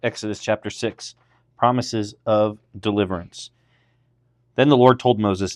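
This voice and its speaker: Male pastor reading Bible passages aloud, low voice, dry close sound, lifts his voice for the dialogue. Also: steady tone, a little slow, no room sound. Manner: reads aloud, lifting his voice for quoted speech. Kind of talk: scripture reading podcast.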